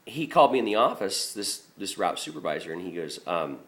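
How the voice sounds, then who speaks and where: A man with a fairly low voice tells stories from his garbage route in an offhand way. He is blunt and swears freely, and he circles back and restarts his sentences as he goes. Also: sing-song, brisk, hardly any pauses, a bit bright. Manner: blunt and profane, rambling with restarts. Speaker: garbage truck driver. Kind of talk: casual storytelling monologue.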